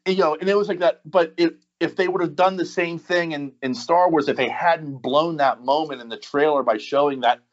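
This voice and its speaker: A man's voice: mid-range voice, highs cut off. A man, a podcast guest, talking casually and enthusiastically with many restarts and fillers. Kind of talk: casual chat.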